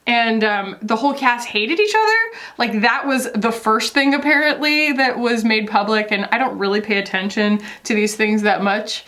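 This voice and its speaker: A woman's voice: fairly high pitch, moderate pace, a bit bright. A woman beauty vlogger chatting casually while doing her makeup, gossipy, with lots of fillers.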